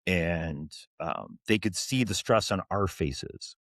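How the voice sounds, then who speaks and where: This forties-aged fire officer speaks slowly in a low, fairly bright voice while telling stories in an interview, full of sincere restarts and fillers. The recording is dry and studio-clean.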